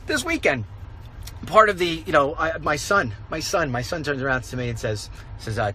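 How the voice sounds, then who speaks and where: A man talking in a walk-and-talk vlog monologue, animated and ranting, acting out the voices of people he quotes. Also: mid-range voice, a little fast, a little hiss or hum. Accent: New York. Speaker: political commentator and show host. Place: outdoors on a city street.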